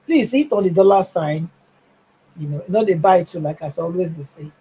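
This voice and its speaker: A woman's voice: fairly low pitch, moderate pace, slightly rough, muffled recording. A middle-aged Nigerian woman speaking as a panelist on a live stream, emphatic and growing heated, with bursts of laughter. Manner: emphatic, rising to near-shouting, with laughs. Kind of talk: impassioned call-in commentary.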